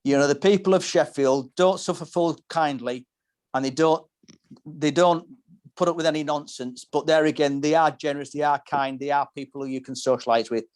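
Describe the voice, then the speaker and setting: A man's voice: fairly high pitch, fairly even intonation, moderate pace. Rambling male pub-podcast host. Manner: rambling, descriptive storytelling with frequent restarts. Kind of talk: casual pub-talk podcast.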